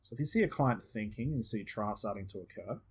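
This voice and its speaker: A man's voice: on the low side, lively intonation, fairly quick, breathy edge. A man with an Australian accent coaching a student one on one, patiently explaining step by step and acting out example phrases. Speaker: hypnosis coach.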